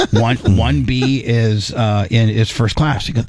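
A man hosting a podcast, telling a story in a rambling, animated way with lots of restarts. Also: mid-range voice, moderate pace, dry recording. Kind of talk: casual storytelling.

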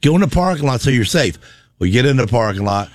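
A man's voice: mid-range voice, big pitch swings, fast talker, dry recording. A man, a radio co-host animatedly telling a story and acting out the dialogue. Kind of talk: casual radio chat, storytelling. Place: radio studio. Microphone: studio mic.

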